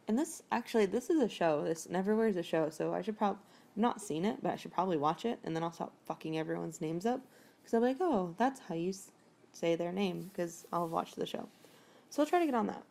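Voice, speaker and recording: A woman's voice: fairly low pitch, gravelly, mellow. A woman casually recapping a novel chapter, rambling and chatty, with plenty of fillers and casual swearing. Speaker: podcast host recapping a novel.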